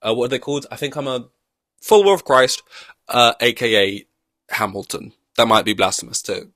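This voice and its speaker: A man's voice: medium pitch, moderate pace, pushed and bright, no echo. A young man hosting a podcast in casual chat, rambling through long-winded analogies and poking fun at himself. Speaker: podcast host.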